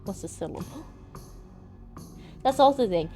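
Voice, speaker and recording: A woman's voice: medium pitch, a little slow, over music. A young woman live-streaming a game, chatting casually and swearing freely as she talks to her viewers. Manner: animated, swears freely, talks straight to chat. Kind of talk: casual gaming stream chat.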